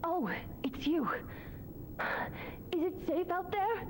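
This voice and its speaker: An actress voicing a frightened woman hiding behind a door in a video game, speaking in a hushed, wary way. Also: very high-pitched, takes it slowly, a crowd in the background.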